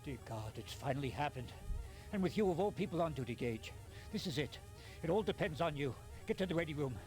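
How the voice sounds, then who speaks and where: A grave male commander rushes out his orders in a video game cutscene, voiced by a man. His voice sits a bit high and never loses its urgency. Clear game music plays under him the whole time. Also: expressive, natural voice. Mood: urgent. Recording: game audio with music over it.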